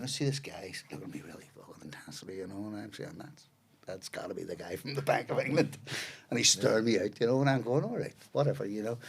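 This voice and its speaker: A man's voice: mid-range voice, creaky, darkish tone. A middle-aged man, a podcast guest telling rambling, profane anecdotes. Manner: swears freely, rambling anecdotes with fillers. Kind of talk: casual storytelling.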